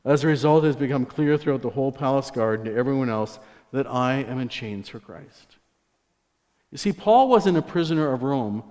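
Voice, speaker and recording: A man's voice: medium pitch, lively intonation, brisk, darkish tone. A man giving a sermon testimony, telling stories in a conversational way with asides to the congregation. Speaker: guest preacher. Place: church sanctuary. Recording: long church hall reverb.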